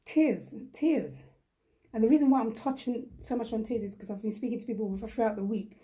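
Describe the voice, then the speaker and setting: A young woman hosts a live chat with her viewers, speaking in a chatty, emphatic and encouraging way. Her voice is a little high, brisk and warm in tone.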